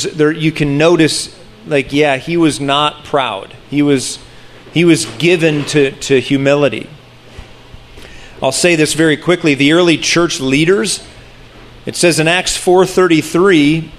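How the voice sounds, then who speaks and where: A man preaching a sermon in an earnest, conversational way, often restarting phrases and slowing down to stress key words. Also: on the high side. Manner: earnest, with frequent restarts and slowed emphasis. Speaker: pastor.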